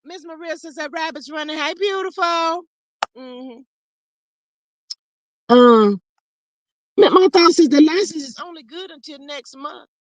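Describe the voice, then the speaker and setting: A woman's voice: sits high, unhurried, pauses often, no echo, highs cut off. A woman hosting a casual live stream, reading viewer comments aloud and reacting with sass. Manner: animated, sassy, calls viewers child and honey. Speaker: livestream host reading chat.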